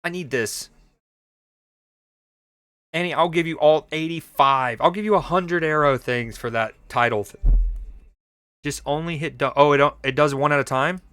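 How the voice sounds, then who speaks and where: A man's voice: fairly high pitch, normal speed, long pauses, a bit bright, clean tone, dry recording. A young man streaming a mobile game, chatting casually and joking with his viewers as he plays. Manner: playful, jokey, reads chat aloud. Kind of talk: casual gaming stream chat.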